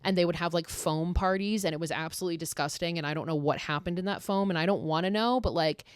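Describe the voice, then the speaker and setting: A woman's voice: fairly low pitch, fast, clean tone, no echo, studio quality. A woman hosting a podcast, recapping a horror film in a chatty, profane way full of "like" fillers. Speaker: podcast host.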